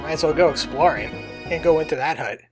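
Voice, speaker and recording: Quick-paced and on the high side, a man serves as the channel's let's play host, casually commenting while he plays. His manner is chatty and jokey, with an occasional cowboy voice, and faint game music sits in the background.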